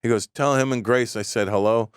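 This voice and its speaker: A man guesting on a talk show, chatting casually and telling profane, animated anecdotes. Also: medium pitch, brisk, clear, resonant tone, no echo, clean studio sound. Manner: profane, storytelling, lively delivery. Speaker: comedian guest. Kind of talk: casual podcast chat.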